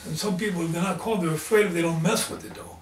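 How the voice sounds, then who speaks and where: A man who is a lay preacher races through his experiences in an interview in a high-pitched voice, earnest and fervent. His distant mic picks up an echoey room, faint ambience, and slight background noise.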